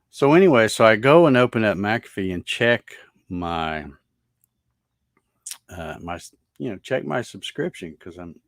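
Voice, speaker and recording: Rambling folksy man, low voice. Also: dry recording, clean studio sound. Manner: rambling folksy storyteller with many fillers and restarts. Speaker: host. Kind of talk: casual chat, storytelling. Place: at home over morning coffee.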